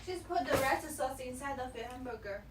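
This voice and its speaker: A woman's voice: high voice, expressive, fairly quick. A woman making dry, teasing remarks off to the side of a live stream. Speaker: streamer's girlfriend. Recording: echoey, distant, noisy ambience.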